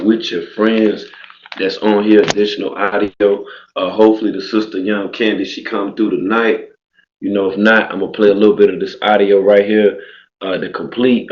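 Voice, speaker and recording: A man hosting a loose, profane livestream, his voice sitting on the low side. He talks in a casual, filler-heavy way. The sound is echoey and a bit muffled. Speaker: livestream host. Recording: echoey, muffled stream audio.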